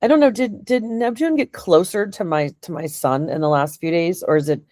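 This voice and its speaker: A middle-aged woman getting a reading chats casually in a lowish, darkish voice at a moderate pace. She rambles emotionally and laughs often, captured in a dry, studio-quality recording.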